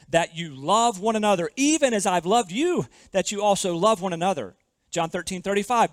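A man with a high-pitched voice preaches a sermon, leaning hard on key words and slowing down to stress them. He keeps asking the listeners questions. The sound is close and dry, with no room echo. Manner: preaching with emphatic slowed stresses and rhetorical questions. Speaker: pastor.

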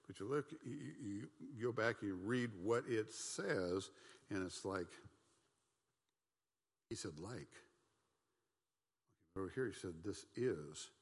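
A middle-aged man with a lowish voice leads a Bible study in a relaxed, folksy way. He talks conversationally, tossing in asides and playful mock voices. His voice carries a long hall reverb. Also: unhurried, long pauses.

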